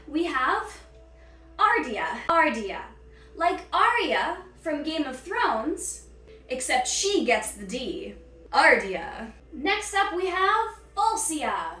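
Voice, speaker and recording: High, lively woman playing mock-stern teacher. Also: recorded from a distance. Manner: playful, punning, mock-stern scolding. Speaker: sketch comedian playing a teacher. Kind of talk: comic skit, mock lesson. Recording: echoey room, off mic, faint music.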